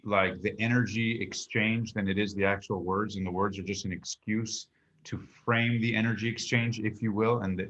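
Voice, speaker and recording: A man's voice: on the low side, a bit bright, lo-fi sound. A man hosting an interview, asking long, winding questions full of fillers and murmuring agreement while his guest speaks. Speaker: interview host. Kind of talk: conversational interview.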